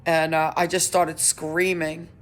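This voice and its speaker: Earnest, halting middle-aged woman. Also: low voice, flat delivery. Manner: halting and earnest, with many restarts. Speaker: vlogger. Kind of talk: personal update vlog.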